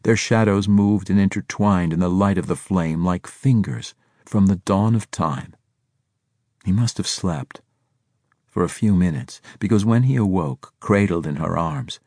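A man reading an audiobook in a steady, measured storytelling manner. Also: deep voice, dry recording, clean studio sound. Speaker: audiobook narrator. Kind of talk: scripted narration.

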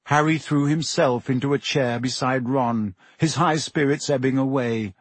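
A man's voice: mid-range voice, moderate pace, slightly rough, no echo. A man reading a children's novel aloud as an audiobook narrator, telling the story steadily. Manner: steady storytelling with character voices. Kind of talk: scripted narration.

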